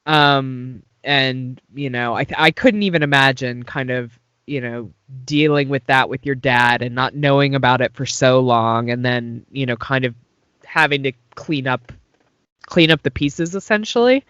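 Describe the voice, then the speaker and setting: A woman's voice: very deep voice, measured pace, fairly bright tone, smooth, no room sound. A woman co-hosting a podcast, chatting casually about reality TV and mostly answering with short agreements. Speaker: podcast co-host. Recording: dry, dull lo-fi sound.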